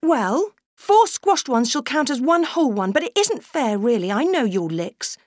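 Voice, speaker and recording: A woman reading aloud voices a bossy, fair-minded young girl in a bright, high voice. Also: big pitch swings, normal speed, dry recording, clean studio sound.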